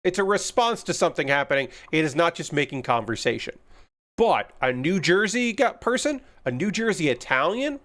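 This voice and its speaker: A man's voice: fairly high pitch, big pitch swings, normal speed, a bit bright. A man hosting a live stream, telling rambling stories with plenty of ums and uhs. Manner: rambling, anecdotal, frequent fillers. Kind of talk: casual storytelling on a live stream.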